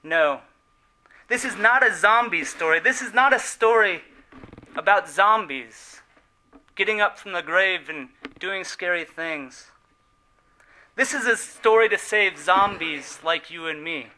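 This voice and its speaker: A man preaching a sermon in an earnest, emphatic way, slowing on key words and letting phrase endings fall soft. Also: high voice, poor audio.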